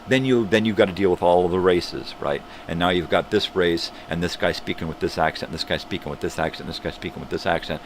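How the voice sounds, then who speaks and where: A man's voice: low voice, noisy background. An older man hosting his own morning show, ranting bluntly and profanely in a casual monologue. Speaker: host of a morning livestream show.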